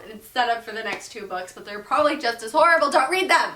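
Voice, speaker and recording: Sarcastic young woman, bright and roomy. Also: fairly high pitch, quick pace. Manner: sarcastic, profane, animated. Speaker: host, book reviewer. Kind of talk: comedic book review chat. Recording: roomy echo, distant mic.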